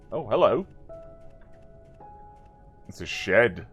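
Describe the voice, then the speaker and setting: A man's voice: medium pitch, big pitch swings, a little slow, faint music behind. A man hosting a let's play video, commenting playfully and sarcastically with jokey asides. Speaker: gaming video host.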